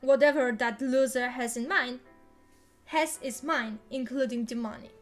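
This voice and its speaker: A woman's voice: high voice, steady tone, measured pace, soft background music. Woman doing a bossy nasal girl of twelve. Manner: bossy, scolding.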